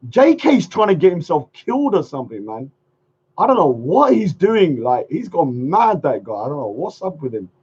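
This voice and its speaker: A man's voice: fairly high pitch, big pitch swings, normal speed, darkish tone, husky. A man hosting a casual livestream chat, rambling loosely and repeating phrases, chuckling often. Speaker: livestream host. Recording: muffled lo-fi stream audio.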